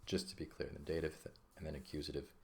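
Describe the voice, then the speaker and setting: A man's voice: very deep voice, level tone, quick pace, gravelly, darkish tone. A man teaching an ancient Greek lesson in a patient, casual way, often checking in with "okay?". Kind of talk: casual lesson explaining grammar.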